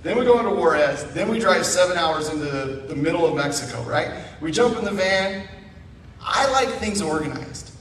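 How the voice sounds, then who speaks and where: Man giving an animated church testimony. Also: on the high side, moderate pace, slight background noise. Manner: animated storytelling with asides. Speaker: guest speaker at church. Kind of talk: personal testimony. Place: church sanctuary. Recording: echoey room, mic far off.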